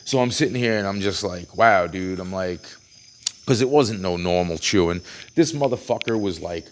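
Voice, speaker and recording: A man's voice: deep voice, moderate pace, darkish tone, slight background noise. A man telling a long story in a ranting monologue, swearing heavily, restarting his sentences and acting out quotes. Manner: heavy swearing, frequent restarts, acts out quotes. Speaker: vlogger. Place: outdoors at a train station at night.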